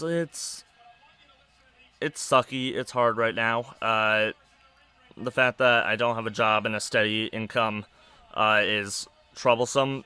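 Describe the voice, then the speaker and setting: A young man talks in a flat, monotone ramble full of "uh" and "um", as a stressed podcast host thinking aloud. His voice is bright and crisp, set slightly low. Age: young adult. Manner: monotone, rambling with many fillers. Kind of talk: casual personal rambling over a wrestling match.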